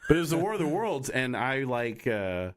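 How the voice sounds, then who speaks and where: This young co-host of a podcast is very animated in casual, rambling conversation full of fillers and restarts. His medium-pitched voice runs at normal speed, with slight background noise.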